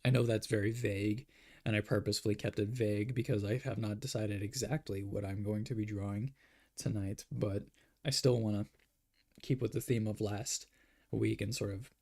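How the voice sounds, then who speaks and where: An art streamer, a young man with a gravelly, fry-edged voice of fairly low pitch and darkish tone, rambles loosely through a casual drawing livestream chat. He's self-deprecating and leans on frequent fillers, sounding tired and yawning.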